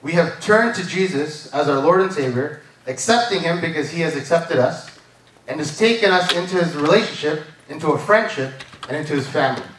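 A man's voice: on the high side, lively intonation, fairly quick, a bit bright, a little hiss or hum. Guy preaching at church, chatty, keeps asking right? amen?, sounds far off in a big echoey room. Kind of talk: sermon. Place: church service.

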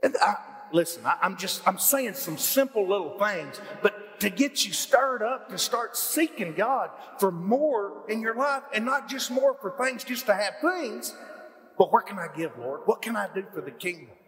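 Male pastor, folksy lively preaching, high voice that swings widely, long church-hall reverb. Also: normal speed. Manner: folksy, animated preaching with rising emphatic questions. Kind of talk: sermon.

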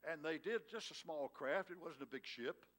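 A male pastor preaching a sermon in a church, swinging from loud, emphatic lines to hushed, tender ones and prodding his congregation with questions. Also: on the high side, moderate pace. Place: church sanctuary.

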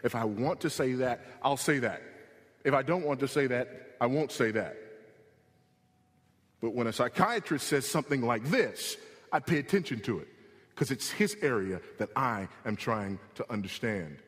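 A man preaching a sermon as pastor, emphatic, rising in pitch and slowing for stress. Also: animated, a bit bright, big-room sound. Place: church sanctuary.

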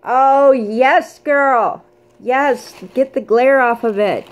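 A woman opening a gift box in a casual unboxing vlog, gushing and excitable, squealing and screaming with delight between quieter asides. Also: on the high side, slow pace. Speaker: craft vlogger.

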